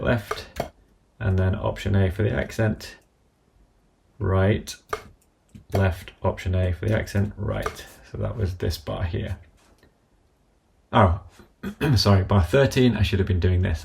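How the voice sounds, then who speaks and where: A man with a low, gravelly voice presents a screen-recorded software walkthrough. He works methodically, calling out each keystroke step by step as they sound in the background.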